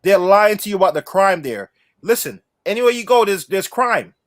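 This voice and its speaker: A man co-hosting a livestream podcast, talking with passion and effusive excitement, often restarting his words. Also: high-pitched, normal speed, dry recording, clean studio sound. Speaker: podcast co-host. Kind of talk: excited casual livestream chat.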